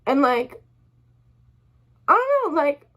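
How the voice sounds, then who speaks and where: Young woman vlogger, high voice, upset rambling storytime rant full of swearing. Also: big pitch swings, slow, fairly bright tone. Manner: rambling, heavy swearing, apologizes often. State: upset, close to tears.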